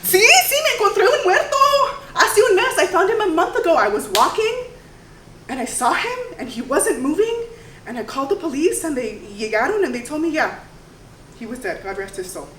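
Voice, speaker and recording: Lady doing a stammery grieving young mexican american woman, kinda high, echoey stage from far away. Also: fairly bright tone, a little hiss or hum, close to an everyday voice. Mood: excited. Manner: halting, stammering repeats. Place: theater stage. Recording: roomy live stage sound from far off.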